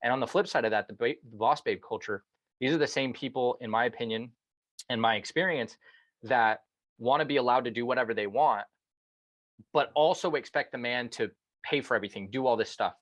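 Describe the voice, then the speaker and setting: A man's voice: medium pitch, brisk, fairly bright tone, no echo. A man hosting a podcast, speaking emphatically and with strong opinions in a casual conversation. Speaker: podcast host.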